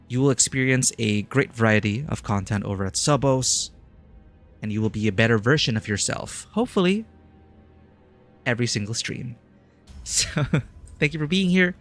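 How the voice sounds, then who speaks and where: Man streaming a game, playful and goofy, mid-pitched voice, faint music behind. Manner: playful, goofy, reads game text aloud. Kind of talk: live game playthrough commentary.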